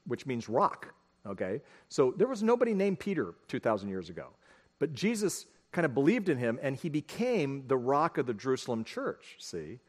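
A man's voice: mid-range voice, a little mellow. A middle-aged man, a pastor, giving a conversational sermon, telling family stories and speaking straight to his congregation. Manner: folksy, storytelling, addresses the congregation directly. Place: church sanctuary.

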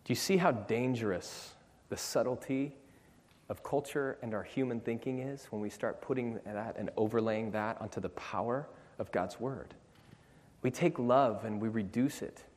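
Pastor, male, mid-pitched, earnest emphatic sermon delivery, long sanctuary echo. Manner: earnest, emphatic preaching with slow stressed phrases. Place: church sanctuary. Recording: long church reverb.

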